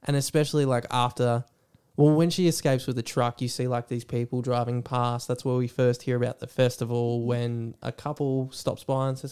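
An Australian man co-hosting a laid-back film podcast in a smooth, clear voice. He talks in a chatty way and swears casually. His pitch sits right in the middle. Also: steady tone, normal speed, darkish tone. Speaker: podcast co-host. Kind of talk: casual film-review chat.

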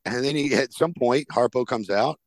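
Telling stories at a normal speed in a casual podcast chat, a host with a medium-pitched voice animatedly performs the people in his anecdotes. No room sound can be heard.

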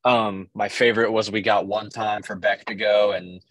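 A man's voice: on the low side, fairly even intonation, normal speed, dry recording. A man co-hosting a podcast, telling rambling stories in casual chat with lots of fillers and swearing. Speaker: podcast co-host.

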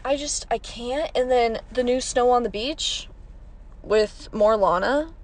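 A woman's voice: a little high, takes it slowly, noisy background. A young woman hosting a podcast from her parked car, rambling and chatty, laughing often. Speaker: podcast host. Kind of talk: casual chat.

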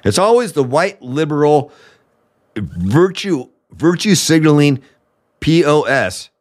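Male political podcast host, angry, profane, fired-up ranting, slightly high voice. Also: sing-song, slow pace. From United States. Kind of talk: political commentary.

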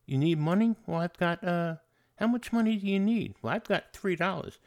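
A man's voice: moderate pace, darkish tone. A man voicing an overeager, generous-to-a-fault man in a raised, eager voice. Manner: high, eager, overgenerous.

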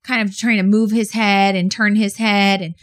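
Woman podcast co-host, blunt and animated, casual storyteller. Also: medium pitch, moderate pace. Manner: frank, animated storyteller with swearing. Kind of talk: casual chat.

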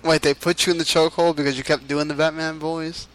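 A man co-hosting a casual gaming podcast, chatting and joking, quick to laugh. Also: on the high side, flat delivery, fairly bright tone, poor audio. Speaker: podcast co-host.

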